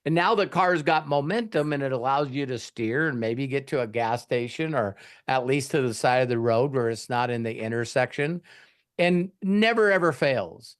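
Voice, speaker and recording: A man telling a motivational story as a host answering a member's question, animated, acting out bystanders' lines in quick voices. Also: mid-range voice, clear, resonant tone.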